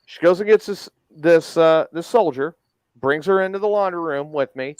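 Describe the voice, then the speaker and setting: Man, mid-pitched, smooth and resonant, dry close sound, blunt profane storyteller who voices the dialogue. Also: normal speed, a little mellow, dry recording. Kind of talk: casual storytelling.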